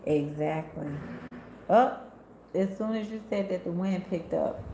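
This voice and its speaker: A sassy woman, speaking in a low, gravelly voice as she chats with viewers on a tarot live stream. She reads comments aloud and tells stories in a loose, talkative way. The sound carries the echo of a room, with a faint hiss behind her. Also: unhurried, warm tone. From Memphis, USA. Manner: sassy, chatty storyteller who laughs often and talks straight to her viewers. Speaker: tarot reader and spiritual healer hosting a live stream. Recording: echoey room.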